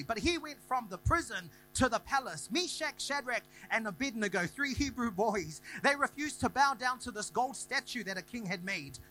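A young man preaching a sermon, telling a story and building to loud, rhythmic declarations. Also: high-pitched, low-quality recording. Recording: faint music and mains hum behind.

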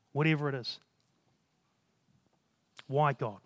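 A man's voice: on the high side, normal speed, a bit bright, dry recording. A man preaching a sermon in an earnest, conversational way, reading scripture aloud and reflecting on it.

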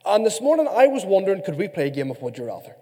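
A man from Ireland preaching a sermon, animated and playful with his congregation. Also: high-pitched, rapid-fire. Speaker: pastor. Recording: reverberant hall.

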